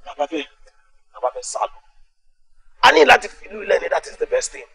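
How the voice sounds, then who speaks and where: A brash young gang leader with a Nigerian accent. His high, gravelly voice moves quickly and swings widely in pitch. It is film dialogue. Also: huge pitch swings, bright, forceful tone, heavily acted, low-quality recording. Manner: brash street talk, mixes Yoruba and Pidgin. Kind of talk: Nollywood film acting.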